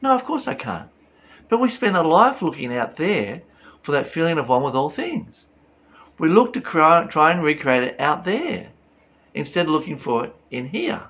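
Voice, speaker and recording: A man's voice: a little high, very animated, normal speed, fairly bright tone, muffled recording. A man giving a reflective spiritual talk, earnest and full of rhetorical questions. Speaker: spiritual teacher.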